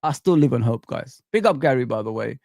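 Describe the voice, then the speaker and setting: A man hosting a live football stream, chatting in a laid-back, slangy way and shouting out his viewers. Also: mid-range voice, lively intonation, fairly quick, creaky, dry recording, studio quality. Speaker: football channel host. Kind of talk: casual live-stream commentary.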